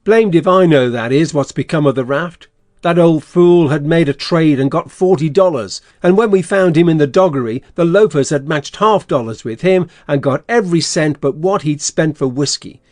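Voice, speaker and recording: An actor playing a scheming, bossy swindler in an audiobook, blustering and threatening. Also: male voice, a little high, normal speed, darkish tone, no echo, studio quality, lightly acted. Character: scheming middle-aged male swindler, gruff and bossy. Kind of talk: audiobook character reading.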